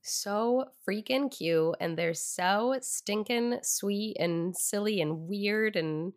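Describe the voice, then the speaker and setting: A woman's voice: medium pitch, slow pace. A woman hosting a podcast, chatting casually with a playful, teasing manner. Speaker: podcast host.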